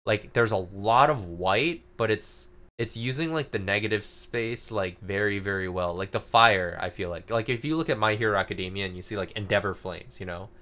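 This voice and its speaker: A man's voice: on the low side, moderate pace, hardly any pauses, pushed and bright. A man co-hosting a podcast, reviewing comic chapters in casual, rambling chat full of "like" fillers. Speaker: podcast co-host.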